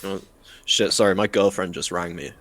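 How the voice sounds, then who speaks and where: A man's voice: sits low, steady tone, brisk, a bit bright. A man co-hosting a podcast in casual comedic chat, swearing freely and slipping into mock voices. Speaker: podcast co-host.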